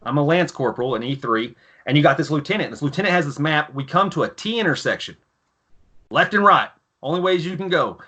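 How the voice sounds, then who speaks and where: A man in his thirties, a former Marine guest, telling profane, animated stories in casual podcast chat. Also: on the high side, a little fast.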